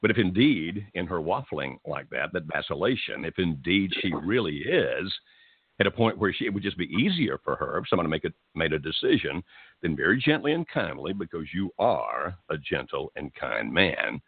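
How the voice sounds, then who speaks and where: Call-in advice host: man, low gravelly-husky voice, lively rise and fall, gentle and reassuring, tinny dry phone-band sound. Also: normal speed, no room sound. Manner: gentle, reassuring, calls people "my friend". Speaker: radio call-in host giving marriage advice. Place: Tennessee.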